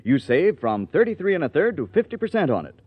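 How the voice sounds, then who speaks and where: A man announcing an old-time radio commercial in a brisk, upbeat salesman's voice, lively and a bit high. The sound is dry and dull, with a lo-fi old-broadcast tone. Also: slightly rough, dry recording. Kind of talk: 1940s radio commercial reading.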